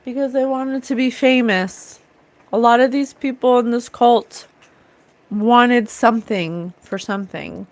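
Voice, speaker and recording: A woman hosting a psychic talk show, ranting with scorn in a loose, animated way and often mocking others in sing-song voices. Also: fairly high pitch, unhurried. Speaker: psychic livestream host. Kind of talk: casual spiritual rant.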